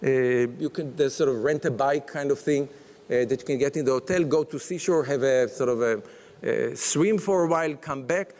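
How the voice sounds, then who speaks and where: A man's voice: medium pitch, moderate pace, a little mellow. A man giving a conference panel talk, hesitant with many fillers and restarts, in a conference hall. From Israel. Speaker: panel speaker. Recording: long reverb of a large hall.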